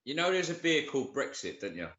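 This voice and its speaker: A man's voice: on the high side, sing-song, fast talker, bright, forceful tone. A man hosting a casual live stream. He swears a lot and greets viewers by name with slang like geezer and bruv. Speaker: livestream co-host. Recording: dull lo-fi live-stream audio.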